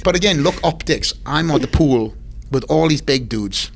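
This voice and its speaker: Animated Welsh man telling stories. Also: fairly high pitch, normal speed, vocal fry. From Wales. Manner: animated, swears freely, lively quoted voices. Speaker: podcast guest. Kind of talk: casual storytelling chat. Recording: faint background noise.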